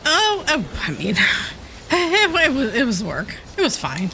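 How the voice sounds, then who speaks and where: A woman's voice: high voice, slow pace, a little hiss or hum. A woman in her forties hosting a game stream, chatting casually with friends and giggling often. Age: 40s. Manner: giggly, lively banter. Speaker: streamer host. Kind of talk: casual gaming chat.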